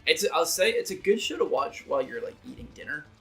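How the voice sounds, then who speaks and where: Relaxed higher-voiced guy co-host. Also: fast, loud music behind the voice. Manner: relaxed, rambling storyteller. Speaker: podcast co-host. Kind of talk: casual chat while gaming.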